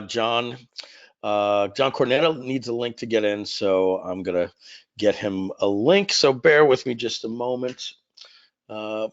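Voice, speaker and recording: A man's voice: mid-range voice, highs cut off. A man hosting a live webinar in a casual, rambling way, with many "uh" fillers, talking into a computer mic. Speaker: webinar host.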